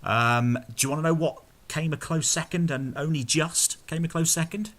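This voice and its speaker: A man hosting a casual conversation, with a bright, forward tone. He leads the questions in a relaxed, easygoing way. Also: a little high, normal speed. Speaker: host. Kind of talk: casual chat.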